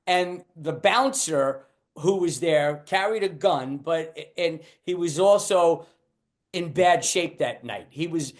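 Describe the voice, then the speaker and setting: An older man, a stand-up comedian, telling a story about a club night in an animated way and acting out the people in it. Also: on the high side.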